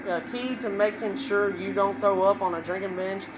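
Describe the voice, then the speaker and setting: A man vlogger telling a rambling, profane story in casual chat, filling it with "you know" and getting loud at times. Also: high voice, fairly even intonation, moderate pace, poor audio.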